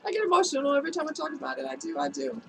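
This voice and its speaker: Woman vlogger, slightly higher voice, a bit strained from a cold; chatty and open, talks straight to camera. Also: huge pitch swings, racing, music in the background, poor audio. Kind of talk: candid personal storytelling.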